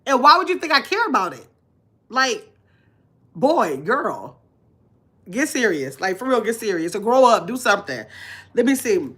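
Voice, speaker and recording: A woman's voice: a little high, very animated, moderate pace, long pauses, bright, forceful tone, husky. A woman in her fifties with a nasal voice, talking bluntly to her viewers in a casual live stream and reading their comments aloud. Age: 50s. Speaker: vlogger.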